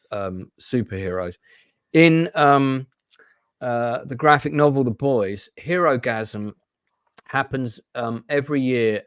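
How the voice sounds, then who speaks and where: A man's voice: medium pitch, no room sound, clean studio sound. A man hosting a casual film and TV chat, talking in a rambling, hesitant way with many restarts. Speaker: host.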